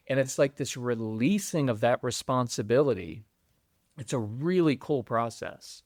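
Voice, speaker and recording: A man's voice: mid-range voice, animated, unhurried, darkish tone, no echo. Earnest older man, dry sound. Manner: earnest, heartfelt, rambling. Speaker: guest parenting coach. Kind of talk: podcast conversation.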